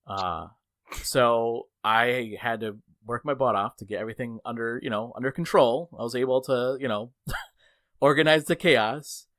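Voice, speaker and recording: A man's voice: moderate pace, dry recording. A man hosting a podcast, telling a work story in casual chat, acting out the people he quotes. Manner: animated storyteller, acts out quotes with big pitch jumps. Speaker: podcast host.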